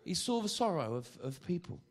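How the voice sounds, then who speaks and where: Joking preacher with a high voice. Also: male voice, brisk. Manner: lively and joking, stammers and repeats phrases. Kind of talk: sermon.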